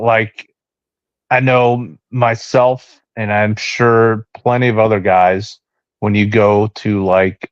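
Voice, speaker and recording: Low voice married dude rambling on a podcast, dry dull lo-fi sound. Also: male voice, dry recording. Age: adult, married. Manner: rambling, self-deprecating, many restarts. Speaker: podcast co-host. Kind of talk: casual chat.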